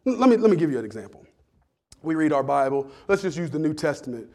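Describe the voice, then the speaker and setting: A man's voice: on the high side, expressive, a little fast, pauses often, warm tone. A man preaching a sermon in a church, talking to the congregation in a humorous, conversational way that builds into fervor. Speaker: pastor.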